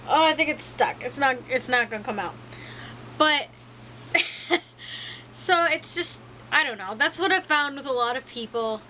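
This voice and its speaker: A woman's voice: sits high, animated, normal speed, long pauses, sharp tone, slight background noise, poor audio. A young woman talking frankly to the camera in a rambling, self-mocking way. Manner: rambling, frank, laughs at herself. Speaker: vlogger. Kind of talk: casual talk to camera.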